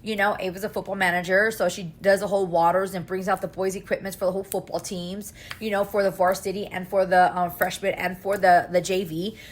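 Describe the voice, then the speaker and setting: Emotional swearing mom venting on a podcast. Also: female voice, medium pitch, level tone, brisk, few pauses. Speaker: podcast host, mother of three. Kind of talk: casual emotional podcast monologue.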